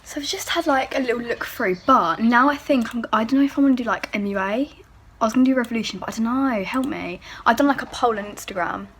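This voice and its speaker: A teenage girl films a beauty vlog at home, chattering fast, wandering off topic and poking fun at herself. Her voice is on the high side and a bit bright, and a faint hiss or hum runs underneath.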